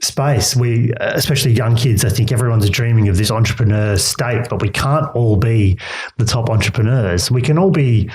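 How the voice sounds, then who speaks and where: A man's voice: mid-range voice, normal speed, a little mellow, low-quality recording. A man hosting a podcast interview, responding in a reflective, rambling and supportive way. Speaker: podcast host. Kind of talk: conversational interview.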